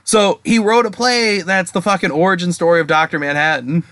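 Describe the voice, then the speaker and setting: A young man, fairly high-voiced, tells a story in a loose, profane ramble, slipping into voices for the people in it. His voice sounds close and dry, with almost no room around it. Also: fairly even intonation, brisk, a bit bright, dry recording. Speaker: podcast co-host. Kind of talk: casual chat. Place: home.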